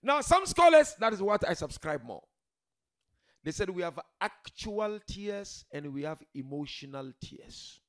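A man preaching a religious sermon to a seated gathering, emphatic, swinging from loud declarations to quiet murmurs and addressing the listeners directly. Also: a little high, animated, a little slow. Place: gathering hall with a seated audience.

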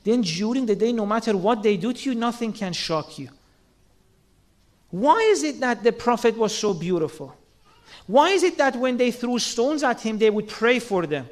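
A man's voice: extremely high pitch, lively intonation, normal speed. A man giving an earnest sermon, asking rhetorical questions and acting out quoted lines. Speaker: religious speaker.

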